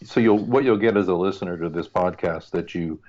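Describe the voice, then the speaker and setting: A man's voice: sits low, brisk, a little mellow, highs cut off. A man co-hosting a podcast in casual chat, joking and rambling with asides. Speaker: podcast co-host.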